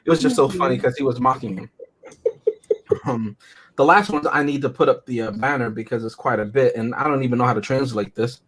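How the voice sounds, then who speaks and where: A man with a husky, breathy voice chatting on a casual movie-review podcast. He retells favourite scenes with energy. His voice sits at an ordinary pitch. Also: fairly quick. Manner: animated retelling, acting out film quotes with laughter. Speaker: podcast co-host.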